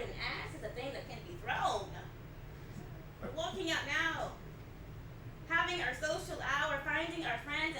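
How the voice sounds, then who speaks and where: A woman's voice: sits high, recorded from a distance, background noise. A woman performing an intense, poetic solo theatre monologue on stage. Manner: intense poetic spoken word. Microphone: distant room mic. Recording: echoey live stage recording from afar.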